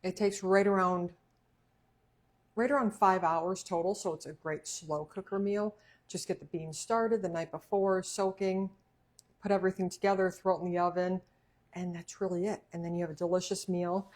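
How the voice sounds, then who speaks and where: A woman's voice: fairly low pitch, fairly even intonation, moderate pace, a little mellow. A woman hosting a casual cooking livestream, chatty and laughing often while she eats. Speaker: cooking show host.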